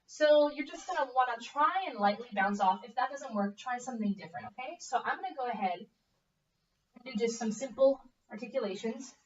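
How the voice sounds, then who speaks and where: A woman's voice: on the high side, a little fast. Upbeat young woman coaching a music student. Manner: upbeat, coaching with frequent okay checks. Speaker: bassoon teacher. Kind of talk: encouraging one-on-one music lesson. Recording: echoey, distant, dull room audio.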